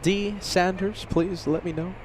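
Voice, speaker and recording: A man's voice: sits high, fairly even intonation, unhurried, noisy background. A man hosting a casual live stream outdoors, chatting and reading out viewer names and messages. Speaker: livestream host. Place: outdoors near an airport.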